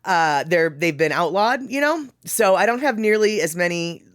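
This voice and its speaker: A woman's voice: lowish voice, animated, moderate pace, dry recording, clean studio sound. A woman hosting a casual livestream, reading viewer comments aloud and chatting with frequent laughs and rambling asides. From Pacific Northwest, US. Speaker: livestream host.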